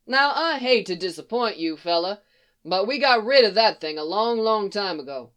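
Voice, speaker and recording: An older farmer, calm and folksy, drawling easily while stalling for time, as a woman reader voices him. The voice stays near the reader's own. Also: medium pitch, moderate pace, clear, resonant tone, lightly acted. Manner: folksy, easygoing.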